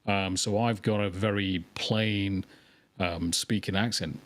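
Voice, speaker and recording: A man's voice: deep voice, steady tone, slow, no echo. A man from England with a mixed English accent, a guest chatting casually on a podcast and telling stories animatedly.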